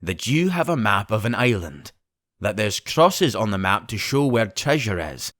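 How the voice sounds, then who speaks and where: A man voicing a stern, blunt sea captain who speaks in clipped, deliberate sentences. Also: on the low side, sing-song, a bit bright, no room sound, clean studio sound. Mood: firm.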